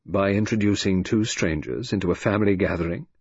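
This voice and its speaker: Man reading grave gentle husband, low husky voice, mild, dry muffled recording. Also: brisk, no echo. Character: grave, gentle, dutiful middle-aged son.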